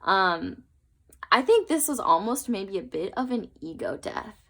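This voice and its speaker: A young woman talks her viewers through a tarot spread in a relaxed, chatty way. She sounds earnest and encouraging, trails off into asides, and fills her pauses with "um" and "like". Her voice sits at an everyday middle pitch. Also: gravelly. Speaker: tarot reader. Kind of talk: casual tarot reading to camera.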